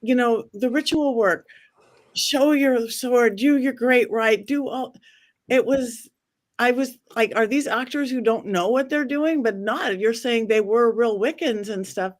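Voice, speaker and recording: A woman's voice: fairly high pitch, a little slow. A woman hosting a casual panel chat, talking hesitantly with many restarts and fillers. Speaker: podcast host.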